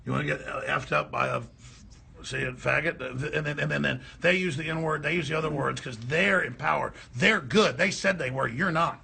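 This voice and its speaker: A man with a gravelly, high-pitched voice gives rapid-fire commentary over video clips. His tone is bright and edgy, and he keeps mocking what he plays. A faint hiss sits under his voice. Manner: gravelly, mocking, switches into shrill mimicking voices. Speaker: talk show host.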